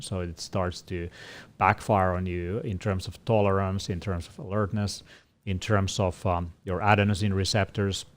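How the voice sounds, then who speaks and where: A man co-hosting a casual Q&A, explaining things in a measured way with frequent fillers. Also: low-pitched, a little mellow. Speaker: co-host answering questions. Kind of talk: casual panel Q&A.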